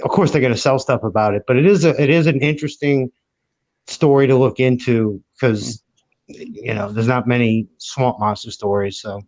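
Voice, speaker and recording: A man's voice: mid-range voice, normal speed, a little mellow, highs cut off. A man from Louisiana chatting casually as a podcast co-host, laid-back and folksy. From Louisiana, USA. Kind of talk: casual chat.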